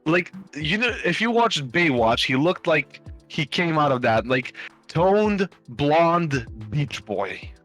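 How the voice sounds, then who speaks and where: A man's voice: on the high side, sing-song, slow, fairly bright tone, soft background music. A man casually telling a long anecdote on a live stream, rambling with lots of fillers and restarts and swearing freely. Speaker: stream host.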